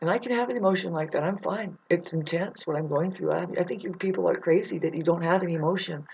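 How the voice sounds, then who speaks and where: A woman's voice: on the low side, quick pace, gravelly, darkish tone, slightly rough. A woman in a rambling, profane spiritual monologue, laughing often as she talks. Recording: muffled lo-fi recording.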